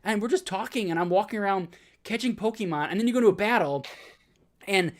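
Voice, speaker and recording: A man co-hosting a gaming podcast, talking in casual, excited, rambling bursts. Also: high-pitched, fast. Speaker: podcast co-host. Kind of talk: casual chat.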